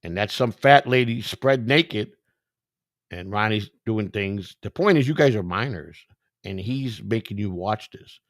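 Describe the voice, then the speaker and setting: A man's voice: on the low side, expressive, measured pace, no room sound, studio quality. A man telling a story from his own past in a casual sit-down chat, swearing freely and acting out what other people said. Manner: profane, acts out the dialogue of others. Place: indoors, sit-down set.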